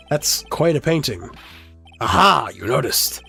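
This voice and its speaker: A man voicing a pompous older male lawyer who dodges questions, clearing his throat and drawing out his words. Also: medium pitch, sing-song, sharp tone, soft background music, heavily acted. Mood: proud, boastful. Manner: blustery, clears throat, drawn-out pauses.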